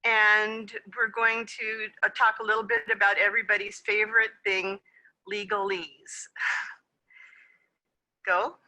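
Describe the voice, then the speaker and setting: A woman's voice: medium pitch, little pitch movement, slow, long pauses, sharp tone, rough recording. A woman presenting a conference session over a video call, explaining in a friendly way with some fillers. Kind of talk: webinar presentation.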